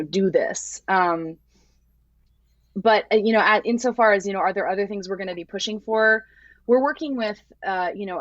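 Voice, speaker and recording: A woman's voice: lowish voice, no echo. A woman guest on a podcast, talking earnestly and rambling a little, with lots of fillers as she gathers her thoughts. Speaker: podcast guest, voting-rights activist. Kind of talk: casual podcast chat. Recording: dull lo-fi dry sound.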